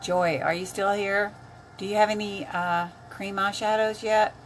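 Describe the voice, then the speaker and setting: A woman's voice: medium pitch, fairly even intonation, a little slow, a little hiss or hum. An older woman chatting casually on a makeup live stream, greeting viewers by name as she works.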